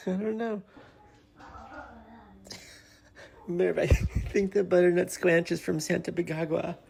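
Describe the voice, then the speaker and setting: A woman's voice: fairly low pitch, steady tone, takes it slowly, vocal fry, pauses often, a little mellow. A woman talking to her cat at home in playful, teasing baby talk, giggling often. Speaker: pet owner.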